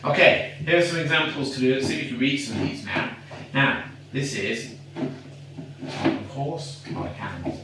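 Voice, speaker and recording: A teacher giving a patient phonics lesson to a young child, sounding out words slowly and praising often. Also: mid-range voice, far from the mic. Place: home room. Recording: echoey room, away from the mic, faint noise.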